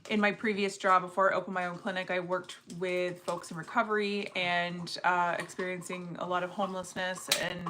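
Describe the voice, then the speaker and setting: A woman's voice: fairly low pitch, level tone, fairly quick, hardly any pauses, background noise. A woman co-hosting a casual livestream, earnest and chatty, coming back to her point again and again. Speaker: livestream co-host.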